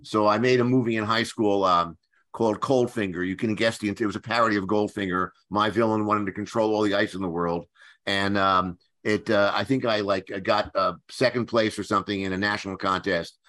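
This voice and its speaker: An older man from the Philadelphia area, a guest screenwriter telling anecdotes in a halting way, with many restarts and fillers. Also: fairly low pitch, fairly even intonation, a bit bright. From Philadelphia area, USA. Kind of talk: anecdotal storytelling.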